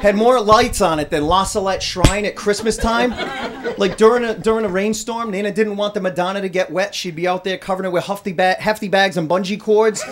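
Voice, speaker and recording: A man's voice: high voice, a little fast. A man from doing a brash, punchy stand-up routine and working the crowd. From Rhode Island, USA. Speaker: stand-up comedian. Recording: live club recording, audience laughter. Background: crowd laughter, noise.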